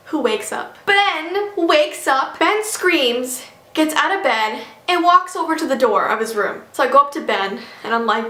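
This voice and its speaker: A woman vlogger telling an animated story, chatty and full of "like", acting out the dialogue. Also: high voice, moderate pace, reverberant. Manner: chatty, acts out dialogue, many "like"s.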